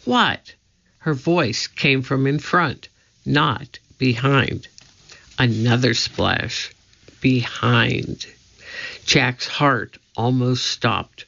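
A man narrating a children's storybook in a measured, suspenseful way. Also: medium pitch, creaky, bright, forceful tone. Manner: slow, measured, suspenseful reading. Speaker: audiobook narrator. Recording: dull lo-fi recording.

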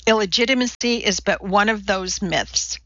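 A woman reading an audiobook, voicing a calm male minister who lectures wryly. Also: mid-range voice, moderate pace, no room sound, muffled recording. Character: male minister, measured and wry.

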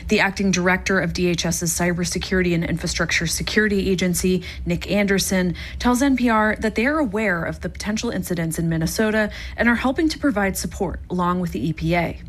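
A woman's voice: on the low side, fast talker, few pauses. A woman reporter filing a formal radio news story.

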